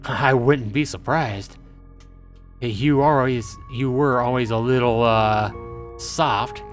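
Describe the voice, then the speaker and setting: A man voicing a sinister, red-eyed villain from a visual novel who taunts in a soft, mocking, insinuating way. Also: medium pitch, steady tone, slow pace, faint music behind, natural voice. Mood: taunting.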